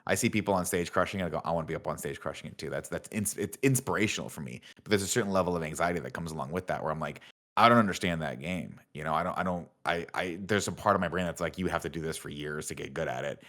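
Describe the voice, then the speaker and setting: A man's voice: sits low, racing, few pauses, a bit bright. A man co-hosting a podcast in casual chat, rambling and swearing, laughing often. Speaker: podcast co-host.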